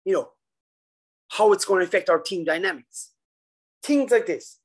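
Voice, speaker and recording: A man presenting a coaching webinar over a video call, animated and acting out a worried coach's thoughts. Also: sits high, normal speed, breathy edge, low-quality recording. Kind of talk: casual webinar talk.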